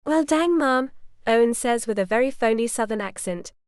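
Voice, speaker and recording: A man's voice: very high-pitched, steady tone, brisk, a little mellow, smooth, no echo, clean studio sound. A woman voicing a playful young male doctor who puts on a hammy Southern drawl. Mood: mock Southern. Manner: hams up a fake Southern drawl.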